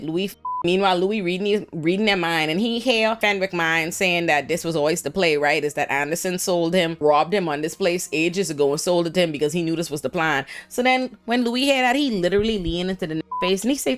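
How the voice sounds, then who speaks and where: A woman giving a casual, animated TV episode recap, full of profanity and voiced quotes. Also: lowish voice, a little fast, few pauses, smooth. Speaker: recap vlogger.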